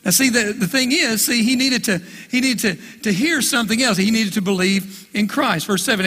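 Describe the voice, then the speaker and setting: A man with a very high, bright pastor's voice and a husky edge, preaching in a folksy, emphatic way. His words ring out with a long reverb, as if from a church hall. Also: normal speed, hardly any pauses. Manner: folksy, emphatic, repeats "listen" and "right?". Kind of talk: sermon. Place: church sanctuary.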